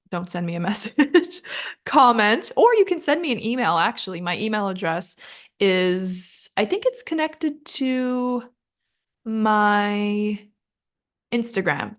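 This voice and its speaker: A woman, possibly, teaching English pronunciation in a casual spoken lesson. She is chatty and self-mocking, drags out the words she models, and sounds worn out from recording several episodes in a row. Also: medium pitch. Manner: chatty, self-mocking, laughs at her own slips; slow, drawn-out model pronunciations.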